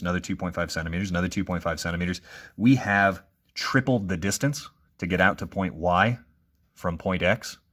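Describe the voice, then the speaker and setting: Male physics teacher, low voice, casual recorded review walkthrough, thinks aloud. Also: a bit bright. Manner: casual, frequent "okay?" checks, thinking aloud.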